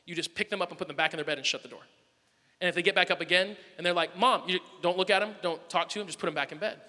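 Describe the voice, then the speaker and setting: A man preaching a sermon, telling a family story with animated swings between loud bursts and soft asides. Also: high voice, rapid-fire, long reverb tail. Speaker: pastor.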